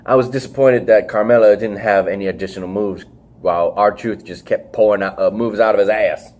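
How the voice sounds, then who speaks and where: A man's voice: fairly low pitch, fairly even intonation, fairly quick, darkish tone. A man hosting a podcast, chatting casually and rambling, with frequent swearing and fillers. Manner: rambling, swearing, leans on "freaking". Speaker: podcast host. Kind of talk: casual wrestling review chat.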